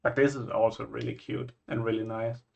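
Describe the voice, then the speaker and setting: A man from Scandinavia chatting casually as he reacts to places, musing and thinking out loud. His voice sits at a middle pitch for a man, and the recording sounds slightly dull and lo-fi. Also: flat delivery, brisk, gravelly. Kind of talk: casual chat.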